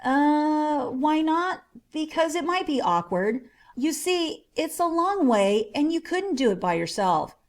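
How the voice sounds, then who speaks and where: A woman voicing a big, easygoing forest outlaw who speaks calmly and teasingly. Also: sits high, slow, hardly any pauses, voice pushed up, full character voice. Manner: calm, teasing.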